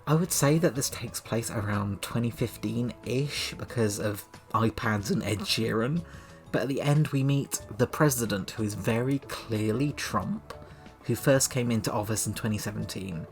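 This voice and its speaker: A man's voice: lowish voice, moderate pace, faint music behind. A man casually reviewing a novel, chatty and sardonic, reading passages aloud and laughing often. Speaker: book reviewer and reader. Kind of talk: casual book commentary with read-aloud passages.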